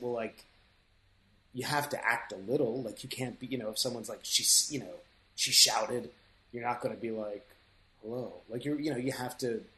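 A man's voice: mid-range voice, a bit bright, reverberant, low-quality recording. A man who works as an audiobook narrator, talking casually in an interview in a thoughtful, rambling way with many fillers and restarts.

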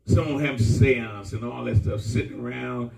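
A man's voice: medium pitch, moderate pace, creaky, darkish tone. A man preaching a sermon in a folksy, emphatic way, with call-and-response. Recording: echoey room from far off.

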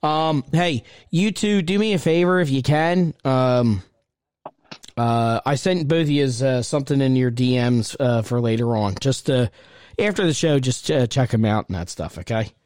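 A man hosting a casual gaming chat show, telling stories in an animated, rambling way. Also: mid-range voice, moderate pace, clean tone, no room sound, studio quality. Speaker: show host.

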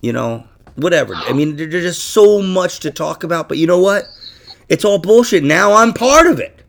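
A man hosting a podcast in casual chat, profane and animated, laughing through his asides. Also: a little high, normal speed, gravelly. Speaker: podcast host.

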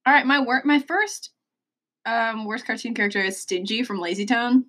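A woman's voice: a little high, a bit bright. A young woman co-hosting a casual podcast, teasing and bossy, often cutting in. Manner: teasing, bossy, quick to interrupt. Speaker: podcast co-host. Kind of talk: casual chat.

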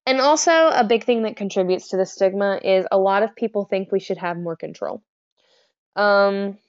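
A woman's voice: mid-range voice, muffled recording. A young adult woman talking candidly to her viewers in a chatty, frank way, full of fillers and asides. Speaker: vlogger. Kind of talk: candid personal talk to camera.

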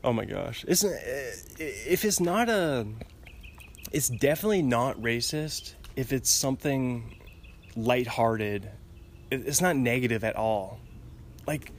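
A man's voice: medium pitch, expressive, slow, a little hiss or hum. A man in his twenties hosting a podcast alone, rambling in casual chat with frequent giggles and restarts. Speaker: podcast host. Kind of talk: casual solo podcast monologue.

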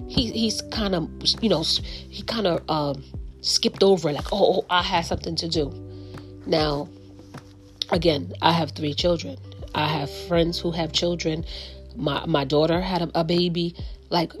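A middle-aged woman hosting a podcast, telling a story in a frank, emphatic way with many restarts. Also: sits low. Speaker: podcast host. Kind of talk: casual monologue.

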